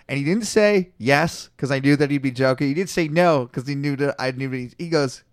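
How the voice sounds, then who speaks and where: A man's voice: mid-range voice, brisk, few pauses, smooth, no echo, clean studio sound. A man co-hosting a casual podcast, telling rambling anecdotes and reading scripture aloud, acting out the people he quotes. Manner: storytelling, acts out quoted voices loudly. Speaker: podcast co-host.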